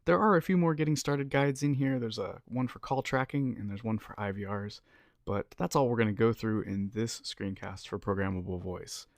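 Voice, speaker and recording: Upbeat man walking through a software demo. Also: fairly low pitch, creaky, dry recording, clean studio sound. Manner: upbeat, casual explainer. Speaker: developer tutorial presenter. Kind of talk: screencast walkthrough.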